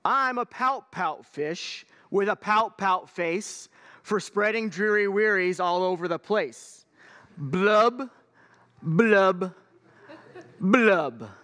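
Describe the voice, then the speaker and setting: A man's voice: high voice, expressive, fairly bright tone, voice pushed up, exaggerated voice. A man putting on a glum pouting fish. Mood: glum, sing-song. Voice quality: mopey sing-song chant, drawn-out refrain. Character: glum, gloomy male fish with a permanent pout.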